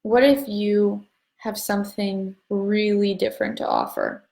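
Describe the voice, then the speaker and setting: A woman's voice: medium pitch, measured pace, vocal fry, darkish tone, reverberant. A woman leading a voice class, giving a chatty, upbeat motivational talk to an online audience and rambling along with casual swearing. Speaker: voice class facilitator.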